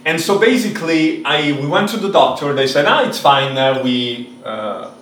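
A man from Italy telling stories in a casual chat, animated and swearing often, acting out the voices of other people. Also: on the high side, moderate pace, echoey room, distant mic, slight background noise. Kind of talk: casual storytelling.

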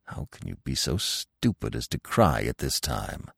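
A man reading the part of a wise old male stag, speaking in a gentle but stern commanding murmur. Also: rumbling low, animated, a little slow, gravelly, no room sound, clean studio sound, voice pushed down, exaggerated voice. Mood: grave warning.

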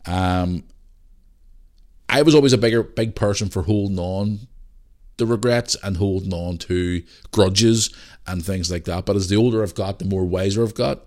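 A middle-aged man with a Northern Irish accent hosting his own podcast alone, ranting bluntly with lots of swearing and tired from a rough day. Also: low voice, normal speed, a little mellow. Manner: blunt and sweary, rambling rants. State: tired, yawning. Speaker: podcast host. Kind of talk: casual solo podcast chat.

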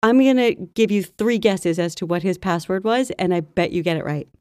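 A woman's voice: fairly low pitch, moderate pace, darkish tone, no room sound, clean studio sound. A woman co-hosting a casual podcast, talking in a chatty, gossipy way. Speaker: podcast co-host. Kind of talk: casual chat.

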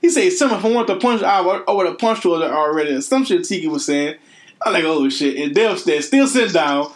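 Excited high-voiced young man, jumpy pitch. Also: a little fast. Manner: excited, laughing, profane. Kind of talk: casual storytelling chat. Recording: faint background noise.

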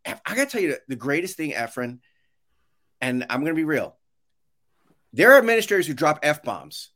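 Speaking at a moderate pace with a slightly high voice, a man joins a casual video-call interview as a podcast guest, working as an education consultant. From his home office with shelves, he tells lively stories full of restarts, performing what other people said.

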